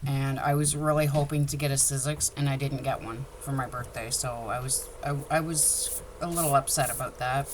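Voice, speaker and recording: A woman's voice: a bass voice, slight background noise. A woman chatting casually on a livestream about her crafts, rambling and openly emotional. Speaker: craft vlogger.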